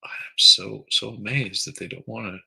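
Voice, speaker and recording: A man's voice: lowish voice, fairly even intonation, moderate pace, vocal fry, bright, forceful tone, breathy edge, low-quality recording. A man hosting a live stream, chatting casually and crudely, rambling while he reads viewer comments aloud. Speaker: livestream host.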